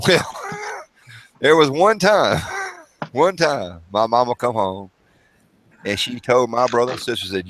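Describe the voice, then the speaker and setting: A man tells family stories in a loose, casual way. He laughs often and acts out the old quotes, and his pitch swings widely. A faint noise sits under the voice. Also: animated, measured pace, long pauses. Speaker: storyteller. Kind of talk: casual storytelling chat.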